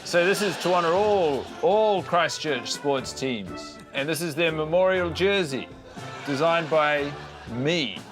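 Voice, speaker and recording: A man's voice: fairly high pitch, expressive, takes it slowly, music in the background. A man with a New Zealand accent, a comedian giving a mock-earnest tour of his handmade display. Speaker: comedian contestant. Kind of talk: comic mock tour presentation.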